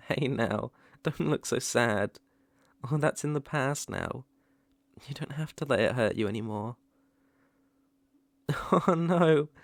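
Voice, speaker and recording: A man playing a gravelly, tender British ex-boyfriend, whispered role-play. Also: medium pitch, no room sound. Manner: hesitant, halting, with soft laughs. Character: tender remorseful young male ex-boyfriend. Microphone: close mic, ASMR.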